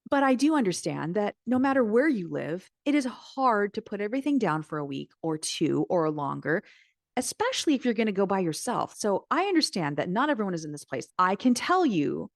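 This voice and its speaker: A woman's voice: mid-range voice, very animated, a little fast, no echo, clean studio sound. A middle-aged woman hosting a solo podcast, talking straight to the listener in an earnest, encouraging way. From United States. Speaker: podcast host and Christian mindset coach.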